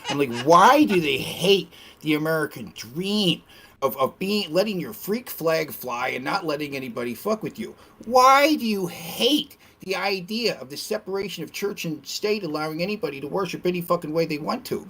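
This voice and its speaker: A husky-voiced man on a casual podcast, swinging his pitch all over as he rants. He swears freely and mocks people with quick put-on voices. His tone has a grainy, breathy edge. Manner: animated, profane ranting with mocking impressions. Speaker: guest streamer.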